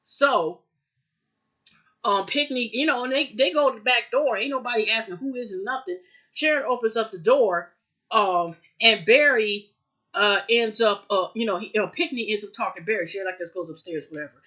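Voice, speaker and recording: A woman's voice: a little high, normal speed, pushed and bright, lo-fi sound. A woman casually recapping a TV episode, rambling with lots of fillers and acting out quoted lines. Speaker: TV recap vlogger.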